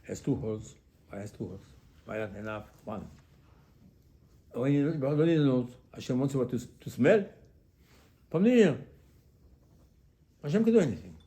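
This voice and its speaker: Rabbi preaching with rhetorical questions. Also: male voice, medium pitch, lively intonation, normal speed, long pauses, mellow. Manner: fires off rhetorical questions and repeats them; mixes Hebrew religious terms into English. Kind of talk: sermon.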